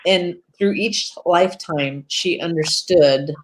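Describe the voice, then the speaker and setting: A woman who works as a hypnotherapist hosts a casual live video chat, rambling along chattily and restarting her sentences often. Her voice has a fairly low pitch and she speaks slowly.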